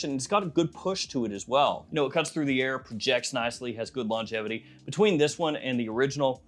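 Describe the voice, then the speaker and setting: A man with a Southern accent reviewing fragrances in a relaxed, conversational vlog. His voice sits at an ordinary middle pitch, and he muses aloud as he talks. Soft music runs faintly under him. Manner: chatty, easygoing, muses aloud.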